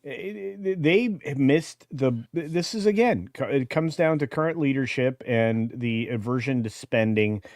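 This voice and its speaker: A man's voice: mid-range voice, expressive, unhurried, few pauses, darkish tone, no echo, clean studio sound. A man chatting on a podcast panel, enthusiastic and full of restarts. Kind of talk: casual podcast chat.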